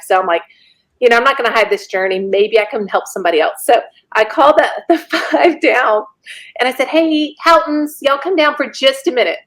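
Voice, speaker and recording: A woman, a podcast guest telling a personal story in a lively way and laughing often. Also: mid-range voice. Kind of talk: casual storytelling.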